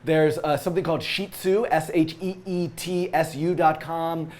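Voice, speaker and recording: Talking through a coding tutorial, a man thinks aloud as he works, full of fillers and restarts. His slightly high voice is scratchy from a cold, steady and darkish in tone, and he keeps a moderate pace.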